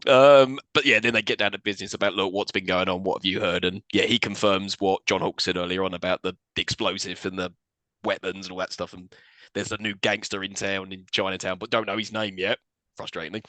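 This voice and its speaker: A man's voice: deep voice, a little fast, no room sound. A man co-hosting a podcast, casually recapping a film, acting out scenes and laughing often. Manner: animated storyteller, acts out scenes in voices, laughs often. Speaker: podcast co-host.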